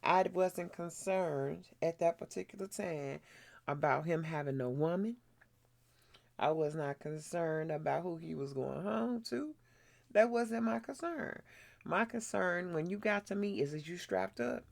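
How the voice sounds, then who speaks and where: A woman's voice: on the low side, lively intonation, measured pace, creaky, a little mellow. A middle-aged woman hosting her own channel, telling a frank, blunt story in casual chat while doing her skincare. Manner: frank, blunt, laughs often. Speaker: vlogger host.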